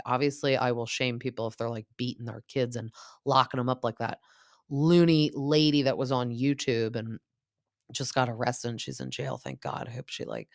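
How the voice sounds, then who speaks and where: A woman's voice: extremely low pitch, no room sound, clean studio sound. A woman in her thirties hosting a podcast, chatting casually and gossipy with lots of filler words as she recaps reality TV. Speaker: podcast host.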